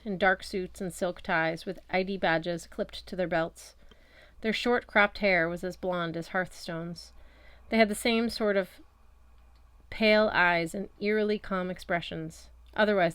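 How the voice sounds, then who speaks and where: A woman's voice: fairly low pitch, fairly even intonation, unhurried, clear, resonant tone, no room sound. A woman narrating a first-person audiobook chapter in a wry, conversational storytelling manner. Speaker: audiobook reader.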